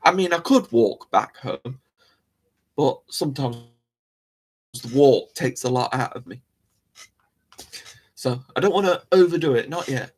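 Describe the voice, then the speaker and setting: Rambling male host, husky tone, casual and self-deprecating. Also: medium pitch, animated, unhurried, pauses often. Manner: rambling, chatty, self-mocking. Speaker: live show host. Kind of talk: casual live-stream chat.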